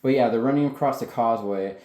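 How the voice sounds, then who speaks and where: A man talks through a film in casual, excitable chat and swears freely. His voice has a mellow, darker tone. The room adds a noticeable echo. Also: medium pitch, quick pace. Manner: excitable, heavy swearing, animated. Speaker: film reviewer, co-host. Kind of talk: casual spoiler review chat. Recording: roomy echo.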